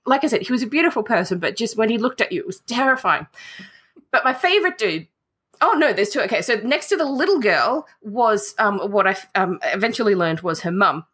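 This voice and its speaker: Animated Australian woman telling a story. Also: mid-range voice, fairly quick, breathy edge. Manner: animated, swears freely, acts out the people in her story. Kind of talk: casual storytelling chat.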